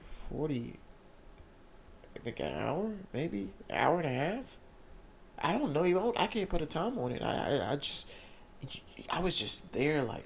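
A young man telling an emotional, excited personal testimony, repeating phrases as he speaks. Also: mid-range voice, vocal fry, slight background noise.

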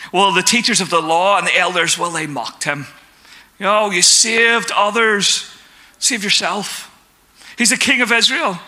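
Guy preaching a sermon, reads bible passages, really bright voice, a bit high. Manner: questioning the congregation, reads scripture aloud. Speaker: pastor. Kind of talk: sermon with scripture reading.

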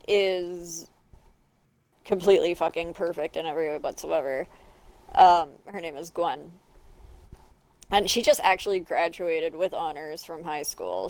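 Low gravelly woman, swearing and laughing. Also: darkish tone. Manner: swears freely, laughs often. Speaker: podcast co-host. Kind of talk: casual chat.

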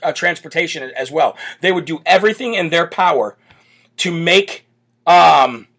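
An expressive, fairly high and fairly bright voice belongs to an American political talk show host speaking at normal speed. On his live commentary show he's brash, bold and emphatic.

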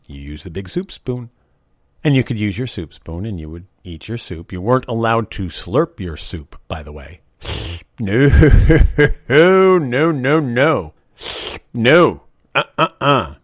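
A man with a somewhat low voice reminisces in a lively, emphatic way, leaning hard on his repeated objections. The recording is close and dry, and his wry delivery swings widely in pitch. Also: dry recording. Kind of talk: reminiscing monologue.

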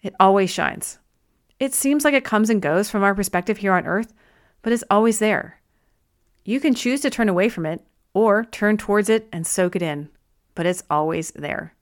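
A woman narrating an inspirational self-help book in a gentle, reflective manner. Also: medium pitch, lively intonation, moderate pace. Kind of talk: audiobook narration.

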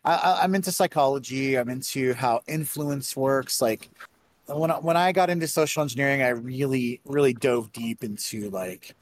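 A man talking casually on a podcast about a talk he gave. He tells stories with plenty of restarts and an animated, rambling delivery. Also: mid-range voice, moderate pace, slight background noise. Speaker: conference speaker.

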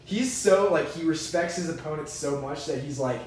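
A man's voice: a little high, moderate pace, few pauses, darkish tone, slight background noise. A young man co-hosting a podcast in casual chat, laid-back and enthusiastic, rambling as he talks. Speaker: podcast co-host. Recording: echoey room, distant mic.

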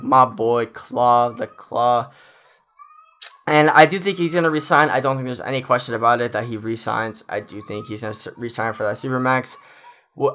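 A man's voice: medium pitch, bright, forceful tone. Emotional, rambling young man. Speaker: fan commentator. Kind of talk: casual fan monologue.

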